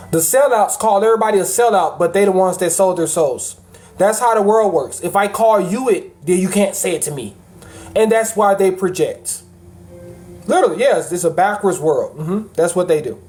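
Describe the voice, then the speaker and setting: A man talking casually to his livestream chat in animated, laughing, sermon-like rants. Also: high voice.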